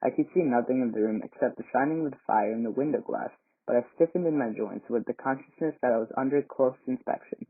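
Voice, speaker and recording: A man reads a classic novel aloud at a measured pace, now and then stumbling and restarting a word. His voice sits in a middling range. The audio is narrow and tinny, like a phone line. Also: medium pitch. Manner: measured reading with small slips and restarts. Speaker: volunteer reader.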